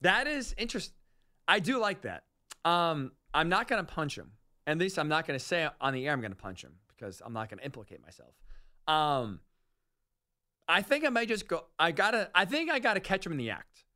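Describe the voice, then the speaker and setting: A man hosting a sports talk radio show, rambling and animated, often correcting himself mid-sentence. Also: fairly high pitch, brisk.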